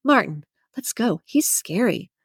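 A woman's voice: mid-range voice, big pitch swings, a little slow, vocal fry, slightly rough, dry recording, clean studio sound, pitched above the performer's own voice, full character voice. A woman voicing a fussy, gossipy old lady with a cooing, theatrical manner. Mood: anxious. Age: older.

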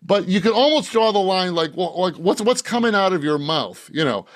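A man's voice: high voice, big pitch swings, normal speed, no room sound, clean studio sound. A man, an author from Boston, talking in a casual podcast interview, rambling with many restarts and frequent laughs. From Boston, Massachusetts. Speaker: author guest.

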